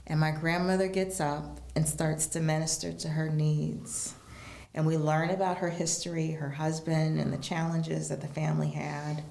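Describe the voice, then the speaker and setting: A woman with a low, gravelly voice tells a long personal story in conversation, bringing the people she quotes to life. She sounds like she is in a roomy, echoing space. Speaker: guest. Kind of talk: storytelling in a casual interview.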